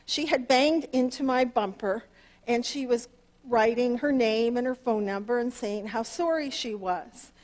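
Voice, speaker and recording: A woman pastor, preaching earnestly through a personal story, her voice leaping up on key words. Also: measured pace. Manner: earnest and animated, pitch leaps up on emphasis. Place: church sanctuary.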